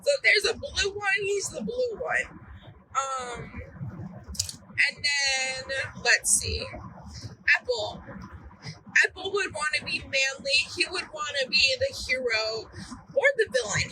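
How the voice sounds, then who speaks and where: Again alone behind the wheel, the weary young podcaster talks slowly in a high, animated voice against a noisy background. Her casual solo chat wanders, she fumbles for words, and she curses without holding back.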